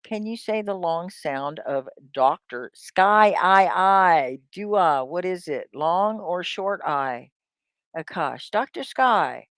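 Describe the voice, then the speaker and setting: A woman's voice: on the low side, animated, slow pace, dry recording, clean studio sound. A woman teaching an English class on a live stream, stretching out sounds to model them and making chatty asides to the chat. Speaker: ESL teacher.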